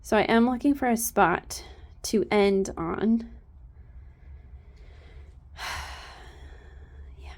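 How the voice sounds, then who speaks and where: A woman horse trainer filming on a handheld phone outdoors by a trailer, talking softly and coaxing her horse with praise. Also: mid-range voice, extremely slow, long pauses. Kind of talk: casual training vlog. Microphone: handheld phone camera.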